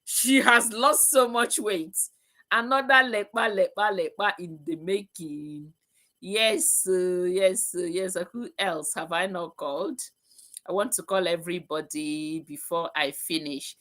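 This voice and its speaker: A woman leads a casual online coaching call, her tone bright and forward. She heaps endearments on each attendee, repeats her phrases, and swings between loud bursts and softer asides. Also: unhurried. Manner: effusive, greets attendees one by one with endearments; repeats phrases, pitch and loudness swing widely. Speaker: weight-loss coach hosting an online group. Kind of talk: casual live group call.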